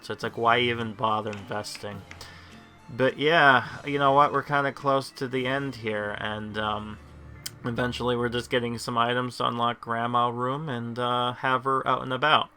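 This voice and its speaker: A man talks through his mobile game session as the channel's host, his voice very bright and cutting. He rambles casually, circling back and restarting his thoughts. His pitch sits in an ordinary middle range. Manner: rambling, lots of fillers and restarts. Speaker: gameplay host. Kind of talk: casual gameplay commentary.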